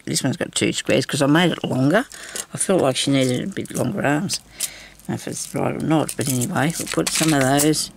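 Woman crafter, gravelly, chatty and reassuring, muttering as she works. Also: deep voice, slight background noise. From Australia. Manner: chatty, reassuring, talks to herself while working. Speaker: craft tutorial host. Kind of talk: casual craft tutorial talk.

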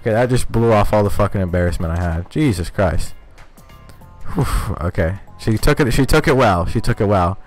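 Low-voiced, foul-mouthed male game streamer. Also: normal speed, soft background music. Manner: profane, rambling and self-mocking, laughs often; talks in one steady voice, cannot scream. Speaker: streamer playing a video game. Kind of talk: casual live-stream commentary.

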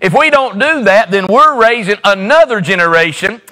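A man's voice: high-pitched, animated, normal speed, bright, forceful tone, long reverb tail. A middle-aged man preaching a sermon in a church, using emphatic repetition and folksy storytelling. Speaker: pastor. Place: church sanctuary.

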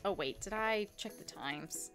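A woman's voice: medium pitch, animated, measured pace, fairly bright tone, faint music behind. A young woman casually chatting and swearing as she streams a farming game. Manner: chatty, swearing, self-mocking. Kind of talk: casual gameplay commentary.

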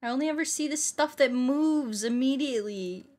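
A woman's voice: sits high, moderate pace, darkish tone. A young American woman streaming a game, chatting playfully with frequent swearing and sing-song exclamations. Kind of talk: casual gaming commentary.

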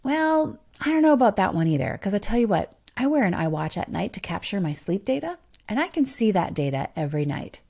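A woman's voice: medium pitch, sing-song, a little fast, creaky, warm tone. A woman hosting a podcast, giving a motivational monologue with emphatic rhetorical questions to the listener. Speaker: podcast host.

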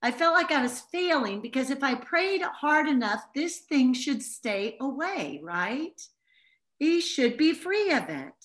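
A woman's voice: high-pitched, sing-song, unhurried, a bit bright. A middle-aged woman giving an informal Bible teaching to a small group, telling stories in an earnest, heartfelt way.

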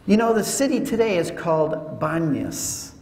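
A man giving a teaching talk to an audience, telling it as an animated story with joking asides. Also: high-pitched, normal speed. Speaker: Catholic speaker. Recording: echoey hall with long reverb.

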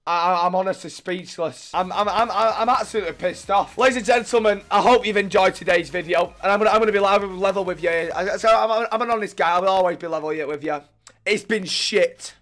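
Sweary gamer with a high voice. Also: male voice, fairly quick. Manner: swearing, shouting at opponents, frustrated rants. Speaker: gaming YouTuber. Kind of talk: live gameplay commentary.

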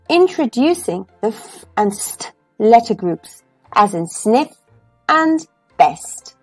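A woman's voice: on the high side, a little mellow, dry recording. A woman reading a children's phonics storybook aloud in a sing-song storytelling way. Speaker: storybook reader.

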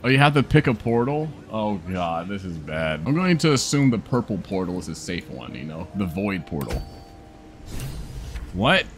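A man's voice: sits low, sing-song, normal speed, slight background noise. A tired young man commenting on his gameplay, joking, cursing and laughing often. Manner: profane, joking, laughs a lot. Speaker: gaming streamer.

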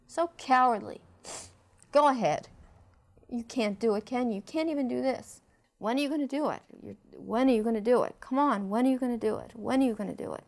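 A woman doing a high, gravelly inner critic, taunting, cruel, goading. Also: a little fast, darkish tone, close to an everyday voice.

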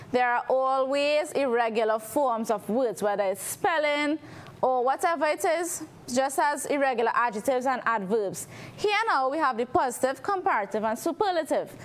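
A woman with a Trinidadian accent teaches a televised classroom lesson in a high, clear register. She explains patiently and keeps asking the viewers at home to try the answers themselves. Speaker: English teacher on a TV lesson show.

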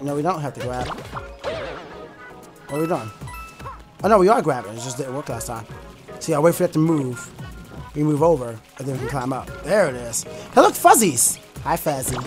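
A man giving excitable let's play commentary on a video game, chatty and prone to shouting when thrilled. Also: medium pitch, normal speed, pauses often. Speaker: gaming YouTuber. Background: faint game music.

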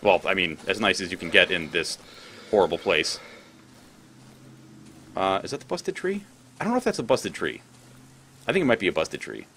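A man's voice: deep voice, sing-song, normal speed, pauses often, fairly bright tone, a little hiss or hum. A man commentating his gameplay, rambling, thinking aloud and swearing freely. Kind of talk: let's play commentary.

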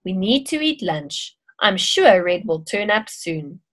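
A woman reading aloud and voicing a brisk female schoolteacher who exclaims and gives firm instructions. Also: mid-range voice, very animated, fairly bright tone, no echo, heavily acted. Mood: reassuring.

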